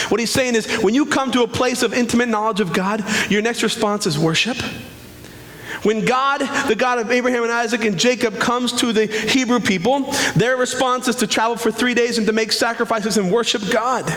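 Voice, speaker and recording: A man in his thirties, a pastor preaching a sermon in a church, emphatic, with slow stresses and quick asides. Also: high voice, fairly bright tone, long reverb tail.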